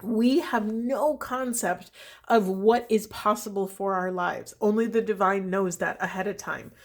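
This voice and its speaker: A middle-aged woman giving an intuitive card reading as a spiritual coach, speaking softly and earnestly, with many pauses and fillers. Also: mid-range voice. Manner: soft, earnest and meandering, with many fillers and "right?". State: voice shaking with emotion.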